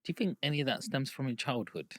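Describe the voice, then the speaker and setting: A man in his thirties with an East London accent, hosting a podcast interview and telling stories in a lively, chatty way. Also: medium pitch, fast, no echo. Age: 30s. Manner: lively storyteller, acts out quoted voices. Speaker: podcast host. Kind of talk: casual conversational interview.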